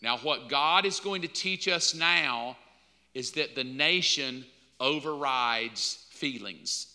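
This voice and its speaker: A man's voice: medium pitch, slow, bright, forceful tone. A man preaching a sermon as pastor in a conversational style, acting out bits of dialogue. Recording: long hall reverb.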